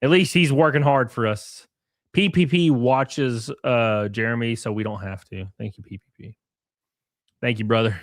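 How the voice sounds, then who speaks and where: Male streamer with an Alabama drawl, mid-pitched, crude and rambling, dry close mic. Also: normal speed, no echo. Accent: Alabama Southern. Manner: rambling, crude, joking asides. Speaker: streamer reading chat. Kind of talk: casual livestream commentary.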